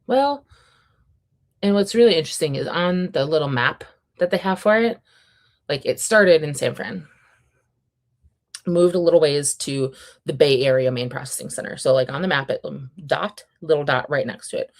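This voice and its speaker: A woman's voice: sits low, normal speed, pauses often. A woman, casually hosting a reading livestream, reading viewer comments and chatting wryly. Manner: chatty and wry, reads viewer comments aloud. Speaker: readathon livestream host.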